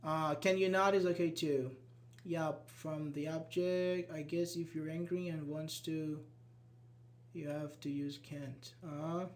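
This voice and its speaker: A man's voice: a little high, flat delivery, slow, a little mellow. Man teaching a casual grammar class. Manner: explains patiently, acts out irritated example lines. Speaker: English teacher. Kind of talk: live online grammar class.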